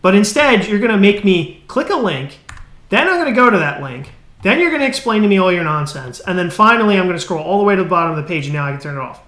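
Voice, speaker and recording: A man's voice: high voice, big pitch swings, fast talker, a bit bright, echoey room. A man live-streaming his coding, ranting in a casual, exasperated way, swearing and restarting his sentences.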